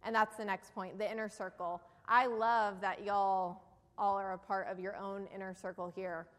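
A woman's voice: mid-range voice, flat delivery, normal speed, fairly bright tone. Persuasive New Jersey woman in an echoing hall. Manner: earnest, persuasive, asks the audience questions. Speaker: keynote speaker. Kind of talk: motivational business presentation. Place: event hall before a live audience. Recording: long hall reverb.

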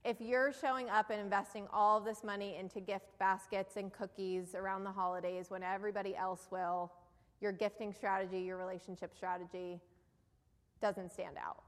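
A woman's voice: medium pitch, flat delivery, moderate pace. A woman with a New Jersey accent giving an earnest, persuasive business presentation to a live audience, often putting questions to the room. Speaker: keynote speaker. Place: event hall before a live audience. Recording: long hall reverb.

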